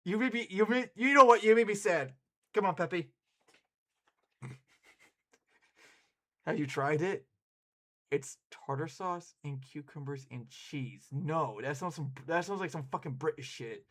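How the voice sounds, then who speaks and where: A man streaming and chatting casually with his viewers, excitable and quick to laugh and swear. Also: fairly high pitch. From United States.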